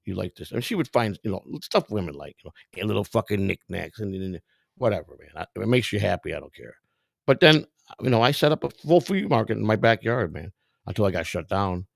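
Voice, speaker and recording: A man's voice: mid-range voice, very animated, fairly quick, creaky, fairly bright tone, no echo, studio quality. A middle-aged man hosting a vlog, giving casual, rambling, profane commentary in a streetwise way. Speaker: vlog host browsing storage auctions.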